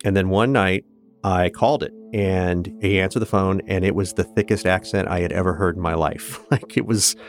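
A man in his fifties from Kansas, USA, tells his own story as an interview guest, earnest and reflective, with hesitant restarts. His voice is low, with fairly even intonation and a normal pace. Soft music plays in the background.

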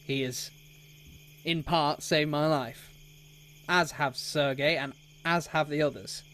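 A man's voice: a little high, fairly even intonation, takes it slowly, a bit bright. A man voicing an honourable veteran knight who speaks in a stern, protective way. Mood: indignant.

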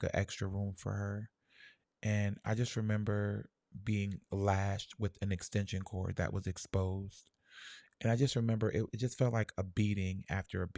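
A young man telling a personal childhood story in a soft, halting, reflective way, full of fillers. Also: fairly low pitch, dry recording, clean studio sound.

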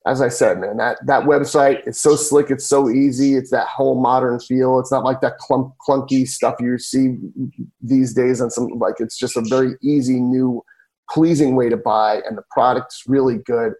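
A man's voice: medium pitch, fairly even intonation, moderate pace, darkish tone, poor audio. A man reading a casual, chatty ad on a podcast in an upbeat way. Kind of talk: casual host-read ad.

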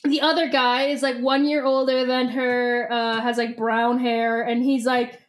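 A young woman co-hosting a casual book podcast, excitable and animated, laughing often and acting out the characters. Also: fairly high pitch, unhurried. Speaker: podcast co-host.

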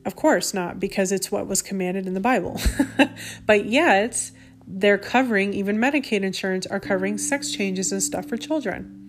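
A woman's voice: medium pitch, normal speed, slight background noise. A woman in her thirties or forties hosting a faith podcast, speaking indignantly in a casual monologue, with many restarts and asides. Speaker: podcast host.

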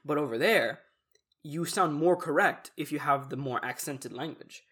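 An animated young man chats casually with a friend, his voice sitting a bit high for a man. He talks freely and lively, now and then dropping into playful mock voices as he explains himself. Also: moderate pace, slightly rough. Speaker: friend in conversation. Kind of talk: casual chat.

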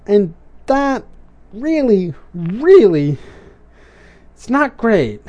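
An unhurried cartoon reviewer talks in casual commentary, the voice swinging up and down with lots of expression. The tone is soft and mellow, drifting into puzzled questions and dry little jokes. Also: mid-range voice. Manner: rambling, puzzled, questioning asides.

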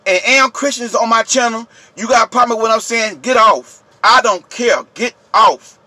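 High, bright-voiced man ranting loudly. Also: moderate pace, no room sound. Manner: yelling, preachy, repetitive, addresses viewers directly. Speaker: channel host. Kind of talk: impassioned vlog rant.

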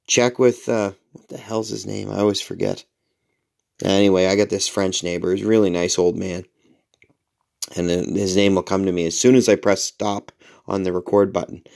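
A man in his forties with a fairly low voice, talking casually through a rambling podcast story. He pokes fun at himself, swears now and then, and leaps high in pitch whenever he acts out what someone said. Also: gravelly, a little mellow. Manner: rambling and self-mocking, with mild swearing; jumps high in pitch to act out quoted lines. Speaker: podcast host.

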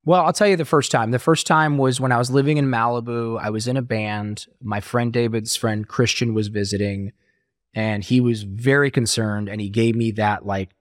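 A man's voice: medium pitch, fairly even intonation, moderate pace, no echo, clean studio sound. A middle-aged man telling his story as an interview guest, acting out quoted voices as he talks.

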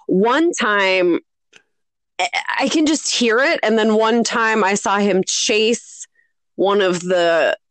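A woman co-hosting a relaxed podcast, her voice sitting at an ordinary middle pitch. She laughs easily and is quick to make fun of herself. The sound is dry and close-miked. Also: no room sound. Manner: laughs often, self-deprecating. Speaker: podcast co-host. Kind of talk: casual chat.

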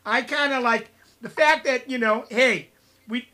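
A man's voice: very high-pitched, a little slow, sharp tone. A man co-hosting a podcast in casual chat, joking and teasing, cutting in with puns. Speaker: podcast co-host.

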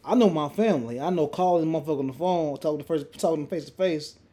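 A young man hosting a casual podcast, telling a story in a profane, animated way with lots of restarts. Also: a little high, quick pace. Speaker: podcast host. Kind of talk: casual chat.

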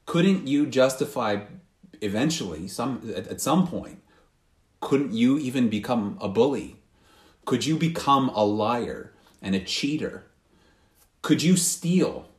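Guy preaching, earnest, lots of restarts, echoey hall. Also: medium pitch. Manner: earnest, questioning, frequent restarts. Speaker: pastor. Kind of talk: sermon. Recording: roomy hall.

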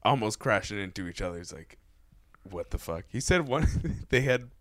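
A man's voice: lowish voice, animated, a little fast, a bit bright, no echo. A man telling stories in a casual podcast chat, swearing freely and laughing through his own stories into a close mic. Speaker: podcast guest. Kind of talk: casual storytelling. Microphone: podcast mic held close.

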